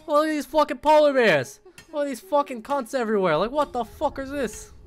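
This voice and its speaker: A man voicing a swearing, baffled Australian bloke in a high, loud put-on voice. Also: a little fast. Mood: baffled, rowdy.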